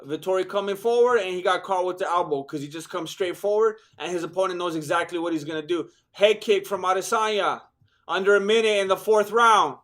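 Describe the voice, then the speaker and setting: A high-pitched, hoarse man calls a fight live. His tired voice sounds worn out, but he stays excitable and joking and throws in Spanish slang. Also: brisk. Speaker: fight watch-along host.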